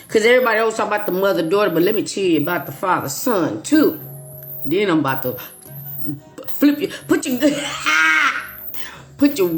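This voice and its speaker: A woman hosting her own channel, telling a personal story to viewers in an animated, emphatic way with playful asides. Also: lowish voice, normal speed, faint music behind. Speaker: YouTube channel host. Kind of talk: casual storytelling monologue to viewers.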